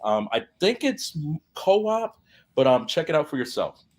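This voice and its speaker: A man who is a special guest on a panel chat, talking in a relaxed, easygoing way. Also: on the high side, a little slow.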